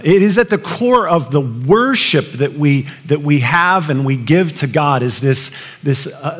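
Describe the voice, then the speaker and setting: Man preaching in a reverberant hall. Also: fairly high pitch. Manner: conversational storytelling with frequent fillers and restarts. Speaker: pastor. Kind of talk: sermon. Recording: long reverb of a large hall.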